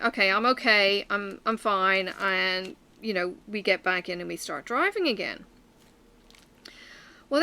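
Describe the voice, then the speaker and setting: A woman chats away while stitching, telling a rambling story. Her voice is bright and clear, full of fillers and asides. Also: mid-range voice. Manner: chatty storytelling with many fillers. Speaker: vlogger. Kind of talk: casual chat while stitching.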